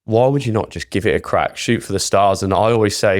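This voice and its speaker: A blunt, enthusiastic man with a very deep voice, swearing casually as he chats. The sound is close and dry. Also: a little fast, no echo. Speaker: podcast co-host. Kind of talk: casual podcast conversation.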